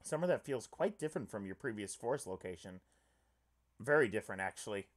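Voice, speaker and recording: A man playing a visual novel on stream, reading its text aloud and reacting in an animated, excitable way, swearing freely. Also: lowish voice, fast. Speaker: let's player.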